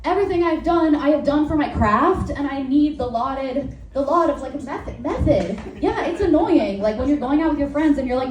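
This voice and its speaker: A woman's voice: sits high, animated, moderate pace, few pauses. A woman doing a crude, rambling stand-up set, often interrupting herself and laughing at her own jokes. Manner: frank, crude, filler-heavy. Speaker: stand-up comedian. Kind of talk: stand-up set, work in progress. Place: live comedy venue with audience. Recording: roomy, distant live recording with faint noise.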